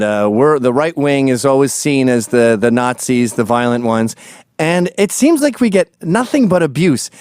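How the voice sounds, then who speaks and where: A man with a somewhat high voice hosts a casual interview, tossing out wry, incredulous remarks. His voice is close and dry, with no room sound around it. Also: darkish tone, no room sound. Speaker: host.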